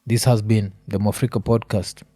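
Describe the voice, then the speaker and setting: A man's voice: fairly low pitch, normal speed, no echo, studio quality. A Kenyan man hosting his own podcast, talking through the week's news in a loose, rambling rant full of ums and uhs. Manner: relaxed rambling rant with many fillers. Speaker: podcast host. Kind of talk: solo podcast commentary.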